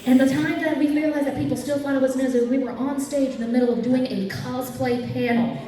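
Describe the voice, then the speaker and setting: A woman telling comic stories on stage at a convention, lively and quick to leap into squeaky voices. She sounds far from the mic, and the sound rings around a big echoey hall. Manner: animated, jumps to squeaky highs for quoted fans. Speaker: cosplay comedian. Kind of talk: stand-up comedy storytelling. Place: convention panel room.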